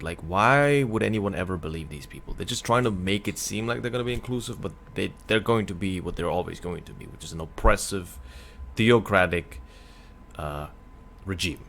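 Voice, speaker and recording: A man's voice: low voice, normal speed, creaky, a bit bright, slight background noise. A streamer man reading news aloud and adding blunt comments, stumbling over hard names.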